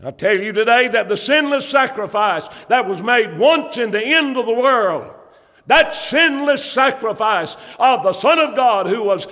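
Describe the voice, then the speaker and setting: Preacher, male, high pitch, fervent sermon delivery, church hall reverb. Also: measured pace, fairly bright tone. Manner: fervent preaching with rising emphasis; Bible quotations in old King James wording.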